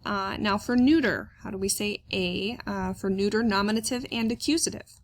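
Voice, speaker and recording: A woman's voice: mid-range voice, moderate pace. Woman, patient classroom lecturer; methodical step-by-step explanations with frequent filler words. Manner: explains step by step, asks questions aloud and answers them, many "uh" fillers. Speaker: German teacher.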